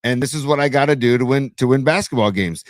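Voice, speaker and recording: A man co-hosting a casual sports podcast, excitedly rambling and saying "dude" a lot. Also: mid-range voice, fast talker, no echo. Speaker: podcast co-host.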